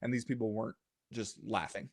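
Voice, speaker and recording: A man co-hosting a podcast in casual chat, reading listener comments aloud with a wry, animated delivery. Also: lowish voice, brisk, no room sound, clean studio sound. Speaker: podcast co-host.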